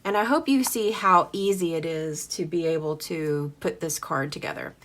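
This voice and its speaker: A woman's voice: sits low, moderate pace, fairly bright tone, slight background noise. A woman giving a casual, chatty card-making demonstration. She answers viewer comments as she goes and laughs often. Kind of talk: casual live craft demo.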